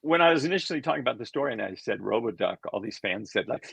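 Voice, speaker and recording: A man's voice: medium pitch, animated, racing, creaky, fairly bright tone, breathy edge, no room sound. An older man, an animation creator, telling rambling anecdotes in a casual interview, chuckling and acting out quoted voices. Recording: dull lo-fi sound.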